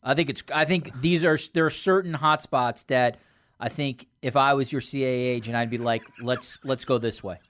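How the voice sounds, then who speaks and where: A man's voice: mid-range voice, steady tone, normal speed, a bit bright, dry recording. A male radio host asking long, winding questions that hedge and restart as he goes. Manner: rambling, hedging questions full of restarts. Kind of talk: conversational radio interview. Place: radio studio.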